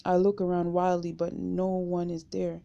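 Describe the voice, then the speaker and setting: A woman reading a memoir aloud in first person, steady and unhurried, on a dull lo-fi home recording. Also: lowish voice, vocal fry. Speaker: audiobook reader.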